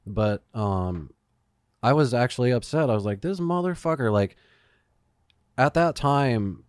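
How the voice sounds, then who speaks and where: A man's voice: fairly low pitch, expressive, slow pace, clean tone, dry recording, studio quality. A man hosting a podcast, telling a story in casual chat, swearing often and using lots of fillers. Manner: profane storytelling, swears a lot, many fillers. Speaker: podcast host.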